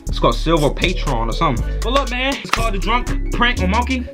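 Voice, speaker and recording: A man's voice: sits high, big pitch swings, fast. A young man hosting a prank vlog, talking in slangy, half-sung hype with music playing behind. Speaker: prank vlogger. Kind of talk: hyped casual vlog intro.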